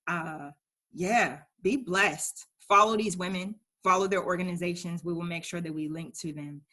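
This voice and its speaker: A woman's voice: lowish voice, moderate pace, bright, forceful tone. A woman hosting an online poetry segment and performing her own spoken-word piece with emphatic, rhythmic delivery. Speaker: poet and event host.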